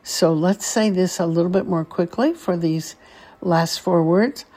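A woman's voice: fairly low pitch, a little slow, warm tone, breathy edge. A woman teaching a Hebrew blessing phrase by phrase, patiently asking listeners to repeat after her. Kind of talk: slow call-and-repeat instruction.

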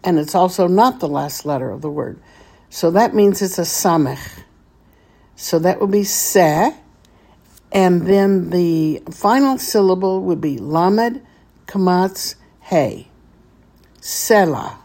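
A low, mellow-voiced woman leads a slow, patient vocabulary lesson. She spells out each word piece by piece and repeats it for the listener to say back. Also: expressive. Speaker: Hebrew teacher.

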